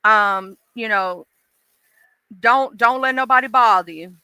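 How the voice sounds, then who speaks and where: A woman's voice: on the high side, slow, pushed and bright, smooth, no room sound. A woman with a mixed Southern accent, chatting casually on a live stream and talking straight to her viewers in a folksy way.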